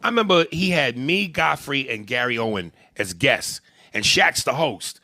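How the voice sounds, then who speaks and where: A man who works as a comedian, co-hosting a podcast and telling profane, animated, joking stories in a casual rant. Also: mid-range voice, normal speed, no room sound, clean studio sound.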